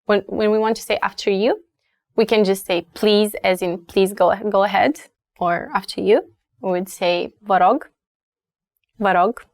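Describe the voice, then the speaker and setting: A woman with a Romanian accent, a native speaker, teaching phrases in an unhurried lesson. She explains carefully and repeats each word slowly. Her voice sits at an ordinary middle pitch and is recorded close and dry, with no room echo. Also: steady tone. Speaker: language teacher. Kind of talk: language lesson.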